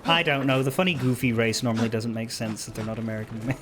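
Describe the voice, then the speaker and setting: A man's voice: medium pitch, fast. A man streaming a video game, making casual wry jokes about what happens on screen. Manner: joking, wry asides. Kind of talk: casual gameplay commentary.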